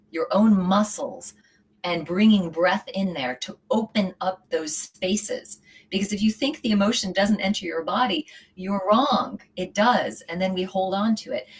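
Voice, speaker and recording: Earnest, lower-voiced middle-aged woman. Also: a little hiss or hum, poor audio. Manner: earnest and heartfelt, speaks in flowing run-on thoughts. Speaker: interview guest, yoga teacher. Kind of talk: casual interview talk.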